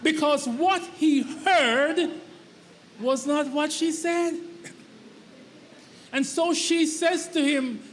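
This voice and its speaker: High-voiced preacher in a reverberant hall. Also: male voice, very slow, pauses often, a little hiss or hum. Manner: emphatic, repetitive preaching cadence. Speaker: pastor. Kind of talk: sermon. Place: church sanctuary. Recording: long church hall reverb.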